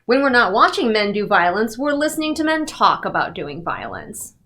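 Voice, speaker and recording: A woman's voice: a little high, very animated, moderate pace, pushed and bright. A woman giving a casual, sarcastic and exasperated book review rant.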